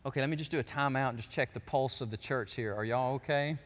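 A male pastor preaching a sermon in a church, animated and conversational, with frequent asides to the congregation. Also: mid-range voice, quick pace. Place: church sanctuary. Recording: church hall reverb.

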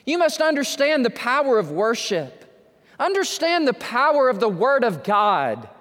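A man preaching a sermon, telling stories with animated humor. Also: very high voice, a little slow. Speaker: pastor. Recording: reverberant hall.

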